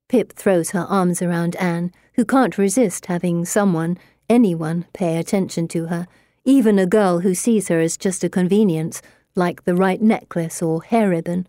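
In a dry, studio-quality recording, a woman reads an audiobook aloud. Her voice is lowish, and she tells the story in an even, measured way.

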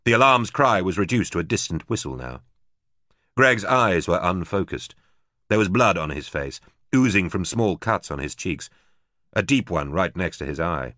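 A man narrating an audiobook in a steady, even storytelling manner. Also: low voice, moderate pace, dry recording, studio quality.

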